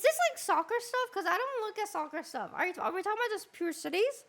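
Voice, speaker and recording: A woman hosting a casual interview stream, excitable and often stumbling over her words. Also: extremely high pitch, quick pace. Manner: excitable, stammering restarts. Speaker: streamer host.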